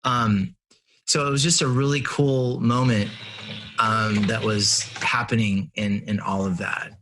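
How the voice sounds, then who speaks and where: A middle-aged man, a guest in an interview, telling personal stories in an earnest, animated way and laughing at himself. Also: lowish voice, measured pace, noisy background. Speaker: interview guest, family and business coach. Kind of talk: conversational storytelling.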